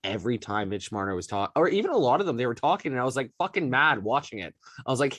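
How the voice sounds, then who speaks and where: A man's voice: mid-range voice, sing-song, fast talker, fairly bright tone, no echo. Profane, ranting man on a dry mic. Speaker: podcast co-host. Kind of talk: casual sports chat.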